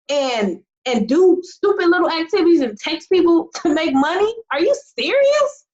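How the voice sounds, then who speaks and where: With a high voice and lo-fi sound, an American woman coaches her online team in an emphatic, fired-up motivational talk. As team leader and business coach, she fills it with rhetorical questions.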